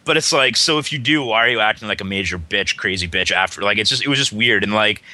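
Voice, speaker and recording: A man's voice: fairly low pitch, fast, bright, forceful tone, slight background noise. A man on a podcast telling a long story in casual chat, rambling and swearing, acting out both sides of texts and calls. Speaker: podcast co-host.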